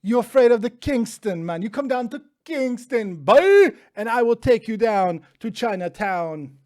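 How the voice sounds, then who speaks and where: A man voicing a boastful, challenging Jamaican man with a put-on Jamaican accent, loud and taunting. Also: very high-pitched, big pitch swings, unhurried, voice pushed up, exaggerated voice.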